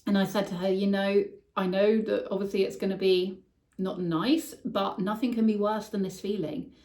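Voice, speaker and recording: A woman's voice: mid-range voice, fairly even intonation, normal speed, warm tone. Candid woman telling her story. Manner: candid, emotional, swears casually. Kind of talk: personal storytelling monologue. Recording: echoey room, voice somewhat far from mic.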